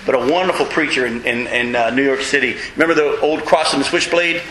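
A man preaching a sermon in a folksy, emphatic way, with self-mocking humor and sudden high leaps in pitch to stress his points. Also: fast, bright, forceful tone, roomy sound, low-quality recording. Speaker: pastor.

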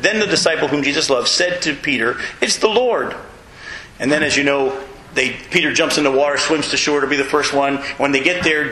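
A man preaching a sermon, animated storytelling that acts out voices and sometimes shouts. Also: fairly high pitch, echoey room, a little hiss or hum, poor audio. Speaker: pastor.

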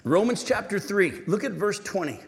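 Animated preaching man in a reverberant hall. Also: high-pitched, normal speed, creaky. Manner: animated preaching, rhetorical questions to the congregation. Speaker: pastor. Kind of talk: sermon.

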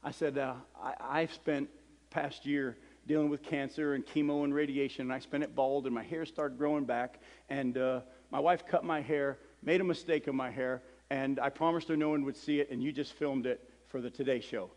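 Animated man preaching in a reverberant hall. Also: medium pitch, normal speed. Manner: animated storyteller acting out dialogue. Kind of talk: storytelling sermon.

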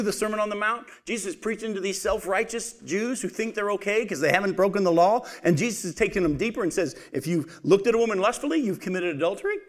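Man preaching, high voice, lively questions and answers to the congregation. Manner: animated, asks the congregation questions then answers them; addresses listeners as folks. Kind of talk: sermon.

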